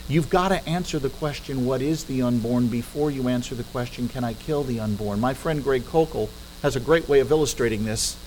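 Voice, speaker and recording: A man's voice: mid-range voice, brisk, few pauses, darkish tone, slight background noise. A middle-aged man giving a persuasive talk from a podium in a church hall, asking rhetorical questions and adding dry humorous asides. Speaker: guest speaker.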